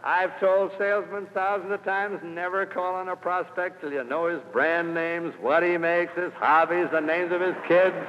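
An older man giving a motivational speech to salespeople, telling an anecdote and building to loud emphatic peaks before dropping quiet again. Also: high voice, fairly even intonation, moderate pace, hardly any pauses. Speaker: sales speaker. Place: lecture hall. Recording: old lo-fi recording in a large hall.

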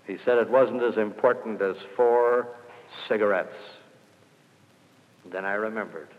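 A man's voice: fairly low pitch, steady tone, measured pace. Middle-aged man giving a punchy sales speech. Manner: emphatic, punchy rhetorical questions. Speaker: sales speaker. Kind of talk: anecdotal speech to an audience. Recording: dull old radio recording in a reverberant hall.

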